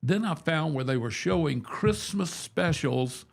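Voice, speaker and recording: A man's voice: on the high side, animated, a little slow, gravelly. A man in his seventies, a radio host, telling rambling, self-deprecating stories in a casual, folksy chat. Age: 70s.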